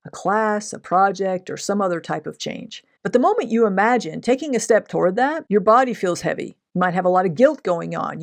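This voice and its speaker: A woman hosting a self-help video who talks in a calm, measured way and speaks straight to the listener. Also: mid-range voice.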